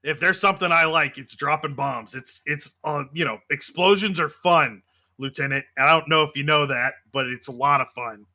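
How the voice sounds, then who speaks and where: A smug, gleeful crewman who loves explosions, as a man plays him. His voice sits a touch lower than usual and keeps a bright tone. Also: moderate pace.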